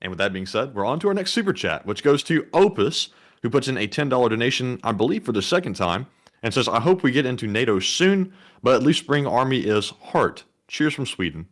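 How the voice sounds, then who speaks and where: A man co-hosts a casual livestream and reads out viewer messages. His delivery is steady and matter-of-fact, at a middle pitch for a man. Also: a little fast. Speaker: co-host reading donations.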